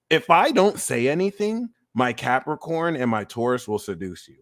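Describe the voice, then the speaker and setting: A man hosting a casual astrology livestream, talking about himself in an animated, profane and self-mocking way, often laughing at himself. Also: moderate pace, hardly any pauses. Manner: animated, swings into high squeaky mock voices and self-mocking rants. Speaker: astrology reader and streamer.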